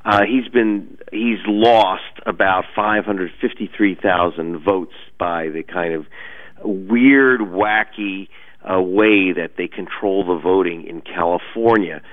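A man's voice: low voice, slow. A male journalist guest explaining emphatically in a radio interview. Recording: tinny phone line.

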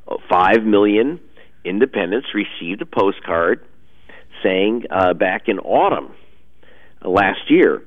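A man's voice: on the low side, animated, takes it slowly. A male journalist guest explaining emphatically in a radio interview. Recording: tinny phone line.

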